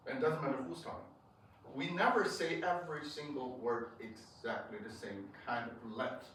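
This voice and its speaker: A man teaching a piano masterclass, coaching a student with emphatic, halting phrases and frequent restarts. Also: medium pitch, a bit bright, a little hiss or hum. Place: piano studio room. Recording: roomy echo from far off. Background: piano playing.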